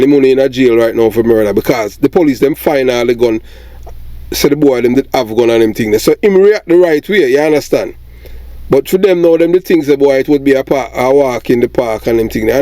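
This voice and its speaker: A man's voice: medium pitch, warm tone, no echo. A middle-aged Jamaican man with a Jamaican accent, commenting in a rambling monologue and often asking "you understand?".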